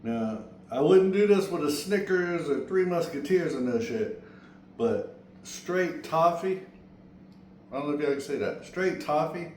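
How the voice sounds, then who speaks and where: A man hosting a home cooking video, talking straight to viewers in an excitable, folksy way during a taste test. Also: on the high side, normal speed, a little hiss or hum. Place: home kitchen. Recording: echoey kitchen with faint clatter.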